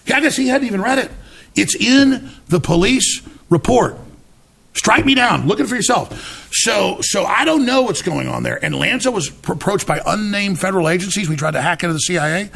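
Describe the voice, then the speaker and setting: A man's voice: high voice, expressive, fairly quick, gravelly, fairly bright tone. A man as an interview guest, telling his story emphatically, restarting words and acting out what others said. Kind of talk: animated storytelling in conversation.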